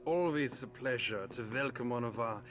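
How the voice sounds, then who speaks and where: An actor playing a smug German racing villain, speaking with a German accent and a sneering, condescending manner over game music. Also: male voice, medium pitch, normal speed, lightly acted.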